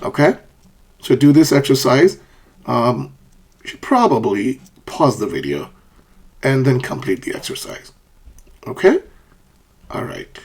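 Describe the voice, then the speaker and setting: A man's voice: mid-range voice, sing-song, unhurried, long pauses, husky. A man teaching an online English lesson, who checks in often with "okay?" and "right?" and models intonation by repeating example sentences.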